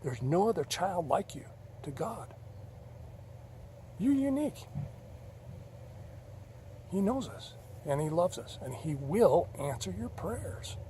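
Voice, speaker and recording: A man telling a personal story in a rambling, halting, earnest way. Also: high-pitched, very animated, warm tone, a little hiss or hum. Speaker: vlogger.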